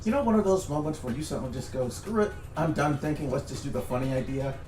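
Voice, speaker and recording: A man recapping a tabletop game story to friends over voice chat, casual and animated, swearing at times. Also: on the high side, quick pace, faint music behind. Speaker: streamer recounting a tabletop campaign. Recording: echoey room sound.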